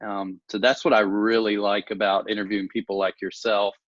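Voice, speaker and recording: A man's voice: on the low side, little pitch movement, fairly quick, fairly bright tone, no echo. A man hosting an interview, speaking reflectively and encouragingly in long musing sentences. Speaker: interview host. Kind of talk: casual interview conversation. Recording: dry, dull lo-fi sound.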